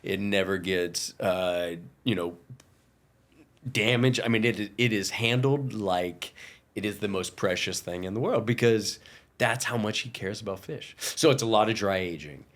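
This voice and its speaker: A middle-aged man with a fairly low voice speaks in a relaxed podcast chat. He rambles a little and restarts his sentences as he thinks. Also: measured pace. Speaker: podcast guest, chef. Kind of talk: casual chat.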